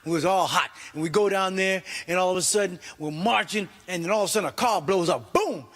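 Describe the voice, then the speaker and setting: A middle-aged man from New York doing a stand-up comedy set, animated and acting out his family in voices. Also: high voice, quick pace, in a large hall.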